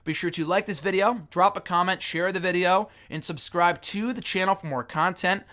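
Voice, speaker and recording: A man's voice: sits high, normal speed, sharp tone. A young man recapping and reviewing a wrestling reality show alone, casual, sarcastic and full of profanity. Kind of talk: casual solo review monologue.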